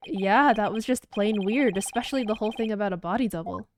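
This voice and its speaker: A young woman streaming a game, making sarcastic, quick, casual asides. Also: medium pitch, a little hiss or hum.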